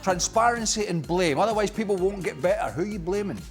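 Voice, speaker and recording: Male pundit, needling, teasing, slightly high pitch, light music bed. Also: fast. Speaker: football pundit. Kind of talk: studio panel banter.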